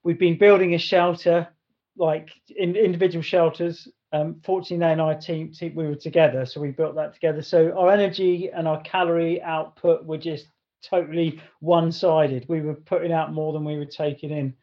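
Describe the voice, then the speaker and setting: A man's voice: a little high, flat delivery, a little fast. A man co-hosting a podcast, telling a story casually in a rambling way, full of restarts. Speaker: podcast co-host. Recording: dull lo-fi sound.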